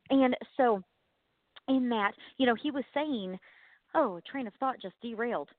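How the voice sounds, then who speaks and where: Bubbly high-voiced woman on a thin line. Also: moderate pace, dry recording, narrow, tinny audio. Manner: chatty, animated, self-deprecating with laughs. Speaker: podcast co-host. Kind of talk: casual faith chat.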